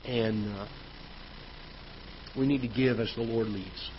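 A man, a pastor, preaching a sermon in a church auditorium, telling a personal story in a conversational way, growing loud at the frustrating parts. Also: on the low side, fairly even intonation, takes it slowly. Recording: dull church livestream audio with faint noise.

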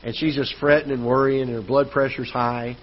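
A pastor delivers a sermon in a church auditorium, sharing a personal anecdote in a chatty style full of restarts. He speaks at a medium pitch, flat and brisk, over lo-fi audio carrying a little hiss or hum.

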